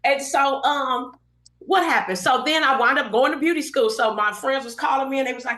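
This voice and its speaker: A woman's voice: high-pitched, normal speed. A middle-aged woman from Los Angeles, a podcast guest telling a story and acting out the lines of everyone in it. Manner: animated storyteller acting out quoted dialogue. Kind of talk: casual storytelling interview. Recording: roomy echoey podcast room.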